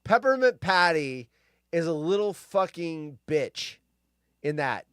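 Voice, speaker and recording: A man's voice: fairly high pitch, sing-song, slow pace, fairly bright tone, smooth, no echo, clean studio sound. Grumpy, profane man hosting a stream. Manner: grumpy, profane, rambling rants. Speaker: live stream host. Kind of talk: casual live-stream chat.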